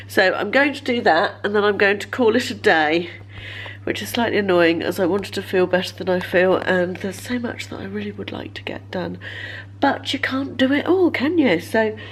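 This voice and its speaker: Woman, 50s, vlogger with a cold; hoarse, gravelly, rambling home chat into a camera mic. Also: medium pitch. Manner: chatty, self-deprecating, rambling. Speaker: lifestyle vlogger. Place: bedroom at home.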